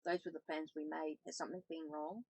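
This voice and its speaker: A shy, nervous professor from abroad, read by a woman. The voice is husky and creaky, and it is read plainly with small slips. The recording is dry and close. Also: low voice, level tone, a little fast, darkish tone, dry recording, low-quality recording. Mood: earnest.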